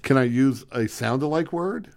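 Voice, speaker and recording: A man co-hosting a radio show, trading teasing, deadpan jokes with his partner. His voice sits in an ordinary middle pitch. The humor is dry and self-mocking. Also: normal speed. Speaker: radio co-host. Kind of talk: joking radio banter.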